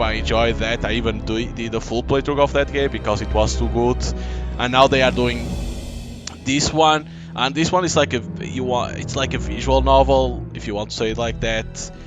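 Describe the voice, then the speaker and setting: A man giving casual live commentary on a game, reading the on-screen text aloud with quick asides and loose, halting phrasing. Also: medium pitch. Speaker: gameplay commentator.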